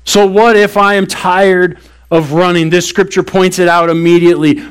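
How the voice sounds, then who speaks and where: A man with a notably high voice preaches to his church. He talks earnestly and drives his points home with slow, weighty emphasis. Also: level tone, clean tone. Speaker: pastor. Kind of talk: sermon.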